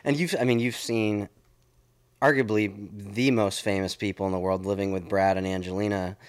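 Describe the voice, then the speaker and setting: A man from the United States co-hosting a casual podcast, asking relaxed questions. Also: on the low side, moderate pace, clear, resonant tone, no room sound. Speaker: podcast co-host. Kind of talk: casual chat, interviewing.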